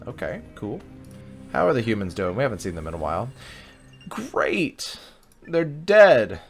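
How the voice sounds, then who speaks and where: A man with a low voice talks through a strategy game, joking and weighing his choices aloud. His delivery is chatty and relaxed. Soft game music plays in the background. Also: fast. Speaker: gaming video host. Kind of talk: let's play commentary.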